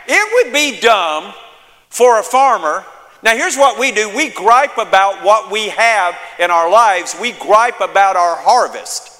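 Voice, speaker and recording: A male pastor delivering a sermon with emphatic repetition and call-and-response. His voice is high and bright, and it rings out through a hall with long reverb.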